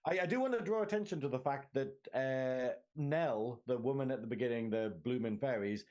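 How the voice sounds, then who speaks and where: A man's voice: medium pitch, fairly quick, a little mellow. A man with a Northern English accent co-hosting a film podcast, chatting casually and animatedly, acting out characters' lines and laughing often. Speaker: podcast co-host. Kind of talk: casual film discussion chat.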